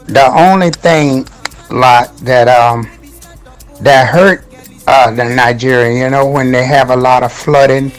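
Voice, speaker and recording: A man hosting a casual radio show, giving shout-outs in an upbeat, loose and slangy way. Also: mid-range voice, steady tone, slow pace, faint music behind. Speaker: radio host.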